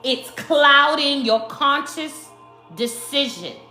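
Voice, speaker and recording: A woman from Brooklyn with a New York accent, giving a spiritual tarot card reading to her viewers in slow, emphatic speech that addresses them as the collective. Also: high voice, expressive, bright, forceful tone. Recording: echoey room with faint music.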